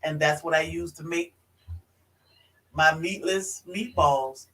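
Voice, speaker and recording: A man co-hosting a casual live-stream chat, relaxed and easygoing as he reads viewer comments. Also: fairly high pitch, slow pace, rough recording. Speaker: co-host reading viewer comments.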